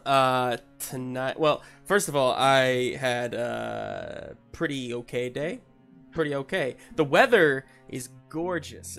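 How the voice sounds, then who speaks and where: A man from Missouri introducing himself as a player, chatting in a relaxed way. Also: a little high. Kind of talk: casual chat.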